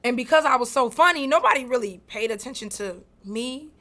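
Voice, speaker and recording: A woman's voice: a little high, brisk. A woman, telling stories as a guest in a casual interview. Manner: animated, swings from quiet to loud, laughs while telling.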